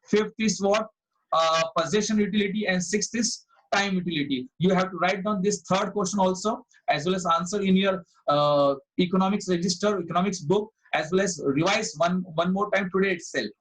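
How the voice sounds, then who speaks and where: Higher-voiced Indian man teaching online. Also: brisk, fairly bright tone, low-quality recording. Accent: Indian English. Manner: repeats phrases, quizzes students, praises answers. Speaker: online commerce tutor. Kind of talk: live online class lecture.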